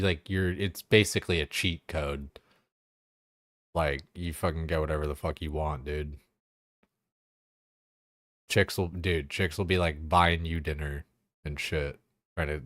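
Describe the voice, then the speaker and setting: A young man with a deep, low voice chats casually while he plays a game. His talk rambles, packed with fillers and swearing. The recording is close and dry. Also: fairly even intonation, a little slow, a bit bright, dry recording. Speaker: game streamer. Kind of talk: casual chat while gaming.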